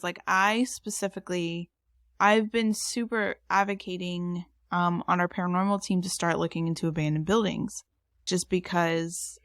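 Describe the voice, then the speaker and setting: A woman's voice: fairly low pitch, clean tone, dry recording, clean studio sound. A woman co-hosting a podcast, talking in a chatty, rambling way with frequent restarts. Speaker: podcast co-host. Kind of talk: casual chat.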